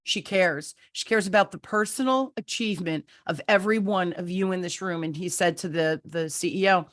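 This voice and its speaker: A middle-aged woman who hosts a business podcast, telling a client story in a casual, animated way and acting out the quotes. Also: lowish voice. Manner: animated storyteller, quick asides, acts out quotes. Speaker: podcast host and business owner.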